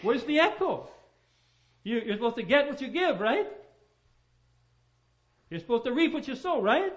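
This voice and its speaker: A man voicing a bold male preacher who shouts loud, booming yells into a canyon, on a dull lo-fi recording. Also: lively intonation, normal speed. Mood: indignant.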